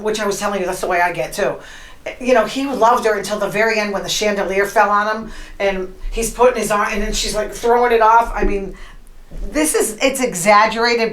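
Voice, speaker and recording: A woman hosting a podcast, chatting in an opinionated, animated way as she retells gossip and quotes people. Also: mid-range voice, reverberant, rough recording. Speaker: podcast host. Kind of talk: casual gossip monologue.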